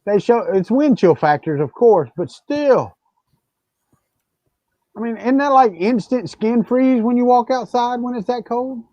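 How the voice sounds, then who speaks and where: A man's voice: very high-pitched, lively intonation, measured pace, warm tone, no echo. Joking man, bit dull-sounding. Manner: joking, storytelling with repeated restarts. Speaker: livestream co-host. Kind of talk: casual chat.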